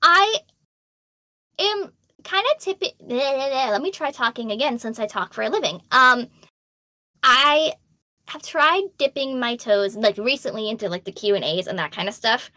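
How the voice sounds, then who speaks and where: A young adult woman voice actor with a slight Boston accent answers fan questions on a casual Q&A stream, reading them aloud and speaking candidly with lots of ums and laughter. Her voice is a little high, expressive, pushed and bright, at normal speed with no echo.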